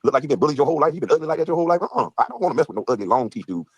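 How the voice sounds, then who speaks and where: A man ranting fast in a heated podcast chat, mocking and trash-talking with frequent laughs. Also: on the high side, sing-song, husky, no echo. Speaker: guest streamer.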